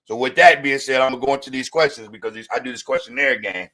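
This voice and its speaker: A man hosting a podcast, encouraging his guest in a relaxed, slangy way. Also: mid-range voice, fast talker. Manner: laid-back, encouraging, slangy. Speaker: podcast host. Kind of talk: casual interview chat. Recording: loud crowd noise behind. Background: loud crowd.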